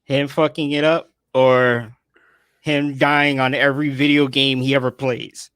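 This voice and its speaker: A man's voice: mid-range voice, flat delivery, a little slow, a bit bright, clear, resonant tone, dry recording. A man hosting a casual podcast livestream. He teases his co-host and laughs often.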